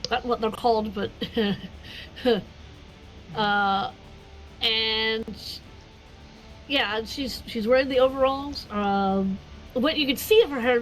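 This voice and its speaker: A woman's voice: on the high side, low-quality recording. A woman narrating as game master of a tabletop game, rambling with frequent fillers.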